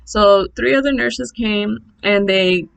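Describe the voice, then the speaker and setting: A young woman telling a birth story in a casual, blunt, animated vlog, swearing freely. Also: medium pitch, takes it slowly, vocal fry, clear, resonant tone, rough recording.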